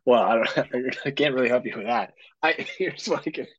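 Husky, swearing podcast dad. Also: male voice, mid-range voice, normal speed, dry recording, highs cut off. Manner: blunt, profane, teasing banter. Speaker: podcast co-host. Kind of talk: casual chat.

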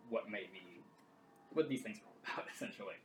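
A man chatting casually as a player in a tabletop game, with relaxed asides. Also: on the low side, fast. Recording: roomy, distant mic with clear background noise.

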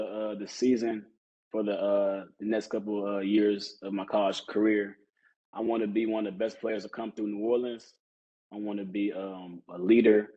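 A man's voice: on the low side, warm tone. A young man from Texas, speaking as a guest in a casual interview and answering politely. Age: young adult. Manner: polite, answers with "yes, sir". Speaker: guest, student athlete. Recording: dull lo-fi sound.

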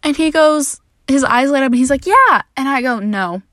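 This high-voiced young woman hosts a podcast and tells a casual story at normal speed, candidly mocking herself, swearing, and quoting people with animation. The close, dry recording has no room sound.

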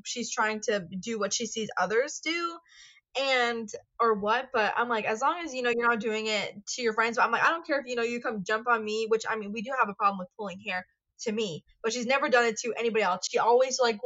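A woman's voice: fairly high pitch, fairly bright tone. A woman co-hosting a podcast in casual chat, talking loosely with many fillers and the odd swear word. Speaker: podcast co-host. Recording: dull lo-fi sound.

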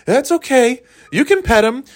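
A man voicing an earnest grown man who treats his bike like a pet dog, in a high, squeaky, pleading voice. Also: lively intonation, moderate pace. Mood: cheerful.

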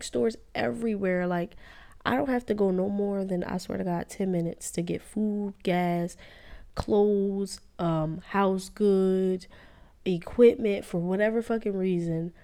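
A young woman with a low, gravelly voice tells a story in casual vlog chat. She swears a lot, keeps calling her viewers y'all and stresses her words. She sounds like she is in her twenties. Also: warm tone. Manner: profane, emphatic, addresses viewers as y'all. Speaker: vlogger.

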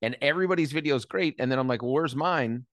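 Male interviewer, loose rambling anecdotes, average pitch; dry booth sound. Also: quick pace, dry recording. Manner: rambling, restarts, swears when worked up. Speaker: interviewer, host. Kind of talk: casual chat and anecdote.

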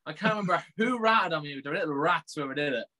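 A young man with an Irish accent, co-hosting a casual podcast and telling excitable stories. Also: on the high side, quick pace. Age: young adult. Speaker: podcast co-host. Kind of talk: casual chat.

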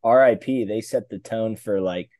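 A man's voice: lowish voice, moderate pace, dark tone, no room sound, studio quality. A man co-hosting a casual podcast, speaking in a laid-back way with hesitant fillers. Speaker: podcast co-host. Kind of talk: casual chat.

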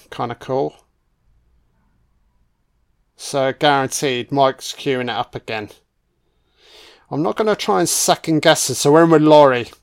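A man's voice: medium pitch, clear, resonant tone. A man giving casual, crude commentary on a horror film, sarcastic and swearing nonstop as he mocks the characters.

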